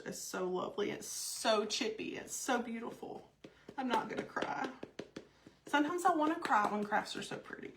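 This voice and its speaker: A woman's voice: fairly high pitch, slight background noise. A woman hosting a live craft stream, chatty and gushing, greeting viewers by name. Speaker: craft host.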